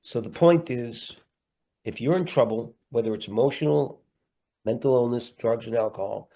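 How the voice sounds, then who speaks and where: A man's voice: medium pitch, normal speed, vocal fry, warm tone. A middle-aged man, a comedian and actor guesting on a podcast, talking in a rambling, earnest way with playful asides over a video call. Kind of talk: candid podcast interview.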